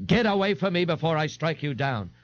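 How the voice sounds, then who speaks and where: A man's voice: on the high side, animated, brisk, faint music behind, voice pushed up, natural voice. A man voicing a pompous, indignant and bloated male eccentric in an audiobook, haughty and scolding with grand pronouncements. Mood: contemptuous. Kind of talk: audiobook character voice. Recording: dull, dry 1989 tape recording.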